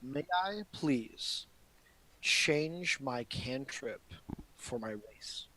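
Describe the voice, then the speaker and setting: A man's voice: medium pitch, animated, drawn-out words, sharp tone. Polite man playing a tabletop game. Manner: polite, asks the table for leeway. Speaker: player. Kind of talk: casual tabletop game chat.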